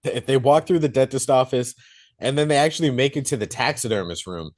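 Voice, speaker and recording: A man co-hosting a podcast, casually retelling a movie plot in animated detail and swearing freely. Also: mid-range voice, a little fast. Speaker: podcast co-host reviewing a film.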